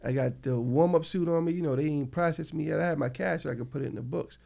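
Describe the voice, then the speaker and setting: Middle-aged New York man, very gravelly, animated storyteller in a casual interview. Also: fairly high pitch, fast. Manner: animated storytelling, acts out quoted people. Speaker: interview guest.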